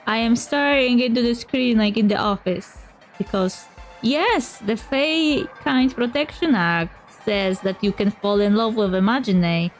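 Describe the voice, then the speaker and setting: A woman's voice: a little high, unhurried. A woman streamer reading a game's story and dialogue aloud, switching between narration and her own comments. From Poland. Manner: voices characters and comments on the story. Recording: faint music behind.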